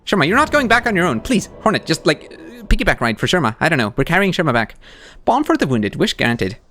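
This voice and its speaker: Animated man streaming gameplay. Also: on the high side, quick pace. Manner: animated, talks to the game characters. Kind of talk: live gameplay commentary.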